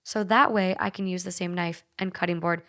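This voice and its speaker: A woman's voice: lowish voice, steady tone, fairly quick, fairly bright tone. A young woman with a light Minnesotan accent hosting a podcast, chatting casually, swearing freely and reading listener stories aloud. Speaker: podcast host.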